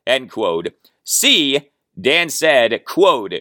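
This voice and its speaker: Male podcast host, animated delivery, dry close sound, sarcastic edge. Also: medium pitch, drawn-out words, no room sound. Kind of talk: sports podcast commentary.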